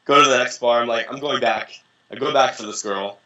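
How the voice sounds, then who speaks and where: A young man with a bright, forceful voice, talking as an interview guest. He tells his stories casually and with energy, swearing freely and playing out the voices of the people in them. His pitch sits in the middle range. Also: fast, muffled recording. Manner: animated, profane, acts out quoted voices. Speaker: interview guest, dating coach. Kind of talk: casual storytelling.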